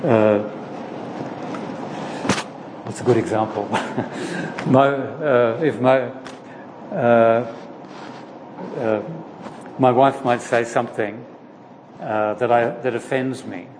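A man leading a Bible study, praying and then teaching in an informal, halting way with many pauses. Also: medium pitch, steady tone, darkish tone. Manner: slow, halting, with frequent "uh" pauses. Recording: long reverb with faint background noise.

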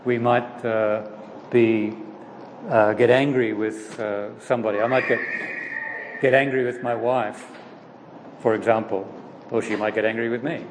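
Man, Bible study leader, unhurried delivery, halting, long reverberant room, faint background hiss. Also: medium pitch, fairly even intonation. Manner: slow, halting, with frequent "uh" pauses. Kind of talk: prayer and informal teaching.

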